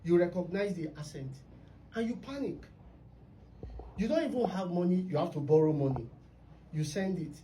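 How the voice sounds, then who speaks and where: Speaking at normal speed with frequent pauses, this radio host has a fairly low, mellow voice and lively intonation. She tells stories with emphasis on her talk show, recorded in a studio on a distant mic with slight background noise.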